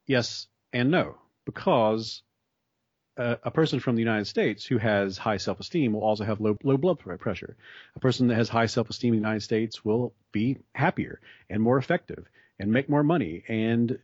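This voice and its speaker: A man's voice: mid-range voice, darkish tone, husky, no room sound. A man in a conversation, explaining ideas at length in a thoughtful way with frequent restarts. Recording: dry, slightly dull sound.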